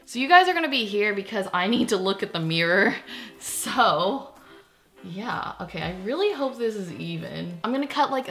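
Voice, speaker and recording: A young woman vlogging casually in front of a mirror, excitable and gushing, often gasping and exclaiming. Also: medium pitch. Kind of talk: casual vlog chat. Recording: roomy echo with faint background music.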